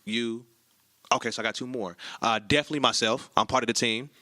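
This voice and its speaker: Laughing, rambling young man with a bright voice. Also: mid-range voice, fairly even intonation, quick pace, dry recording, clean studio sound. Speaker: podcast co-host. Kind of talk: casual chat.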